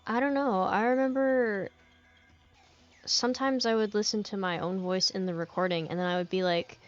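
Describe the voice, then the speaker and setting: A woman with an American accent chatting casually as a podcast co-host, animated and full of asides. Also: mid-range voice, moderate pace, lo-fi sound. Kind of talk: casual chat.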